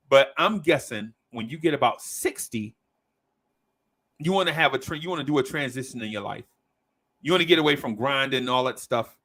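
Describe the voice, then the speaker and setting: A man hosting a casual podcast, telling a story in a slangy, animated way and checking in with "right?" as he goes. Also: mid-range voice. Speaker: podcast host.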